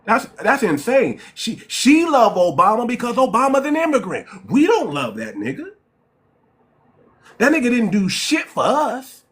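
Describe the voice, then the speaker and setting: A man's voice: extremely high pitch, very animated, moderate pace, fairly bright tone. A man with a New York accent hosting a live-stream debate, lecturing emphatically and repeating himself. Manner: emphatic, repetitive, lecturing, keeps saying ma'am.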